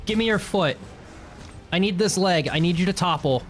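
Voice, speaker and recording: A man streaming a video game live, giving excitable commentary and yelling at the monsters he fights. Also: high voice, moderate pace, faint music behind.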